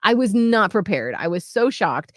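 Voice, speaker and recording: A woman in her thirties co-hosting a radio show, retelling a story in an animated, excitable way. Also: medium pitch, normal speed, dry recording, clean studio sound. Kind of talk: casual chat.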